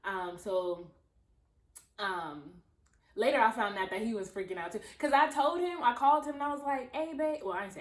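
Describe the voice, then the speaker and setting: A woman's voice: fairly high pitch, expressive, normal speed. A young woman from Los Angeles telling a personal story in casual storytime chat, talking to viewers like friends and acting out the voices she quotes. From Los Angeles, USA. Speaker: vlogger. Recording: roomy echo.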